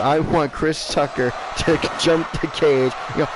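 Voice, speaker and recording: Man, ring announcer and play-by-play caller, high-ish voice, drawn-out intros, chatty calls, noisy recording. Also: steady tone. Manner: booming drawn-out ring introductions, then chatty fast commentary. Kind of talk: fight introductions and play-by-play commentary.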